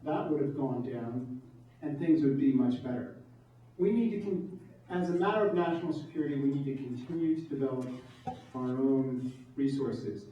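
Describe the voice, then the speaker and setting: A man's voice: medium pitch, normal speed. A man giving a campaign speech to an audience, emphatic and fond of rhetorical questions. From New York. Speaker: political candidate. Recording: distant mic, echoey room, dull sound.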